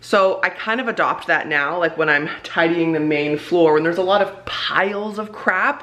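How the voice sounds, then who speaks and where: Her voice sits low yet sounds bright and forceful as this young woman vlogs casually from home. She chats with lots of fillers and laughs frequently.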